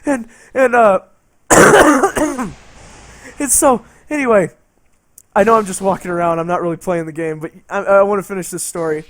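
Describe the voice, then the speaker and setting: A man's voice: high voice, normal speed, a bit bright. A man streaming a game and telling a rambling story, swearing and laughing as he goes. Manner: rambling, profane, laughing between lines.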